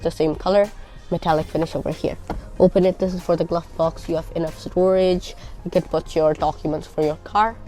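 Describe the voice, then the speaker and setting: A woman's voice: fairly low pitch, a little mellow. A woman reviewing a car on camera, casually pointing out its features as she walks around it. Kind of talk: walkaround car review vlog.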